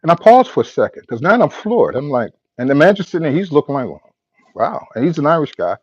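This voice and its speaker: Halting man telling a story. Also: on the high side, sing-song, darkish tone, breathy edge, no room sound, lo-fi sound. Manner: halting, repeats words and restarts often; acts out both sides of a conversation. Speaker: podcast host. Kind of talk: casual storytelling monologue.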